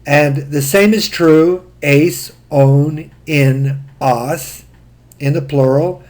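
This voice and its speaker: A man's voice: on the high side, steady tone, drawn-out words, a little mellow. A man giving a recorded grammar lesson, patiently spelling out word forms one at a time. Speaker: Greek instructor.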